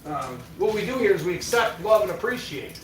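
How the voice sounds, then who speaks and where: A man hosts a casual stream, teasing his viewers in an easygoing way with plenty of swearing. His voice sits high. It comes from a distance in an echoey spot, with faint noise underneath. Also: lively intonation, fairly quick, a bit bright. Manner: laid-back, teasing, swears freely. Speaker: livestream host. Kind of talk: casual chat.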